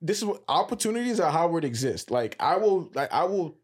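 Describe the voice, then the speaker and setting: Animated man telling stories in chat. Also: a little high, fairly quick, slightly rough. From Nigeria. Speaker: podcast host. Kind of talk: casual chat.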